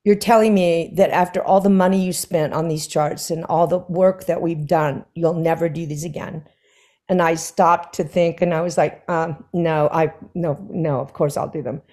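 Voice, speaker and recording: Her voice is fairly low and her pace moderate. As a singer being interviewed on stage in front of an audience, she spins lively anecdotes, performing the lines she quotes and breaking into laughs.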